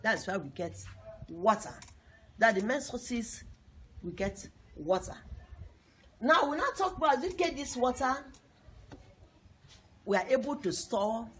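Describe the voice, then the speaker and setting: A woman's voice: on the high side, slight background noise. Woman teacher, repetitive and emphatic. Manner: repetitive, emphatic, asks the class questions. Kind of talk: classroom lesson to young pupils.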